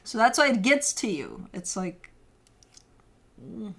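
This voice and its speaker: A woman's voice: mid-range voice, very animated, slow pace, long pauses, husky. A woman giving a casual tarot reading, talking straight to the listener with loose, sometimes cursing language. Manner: casual, swearing, addresses the listener directly. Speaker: tarot reader.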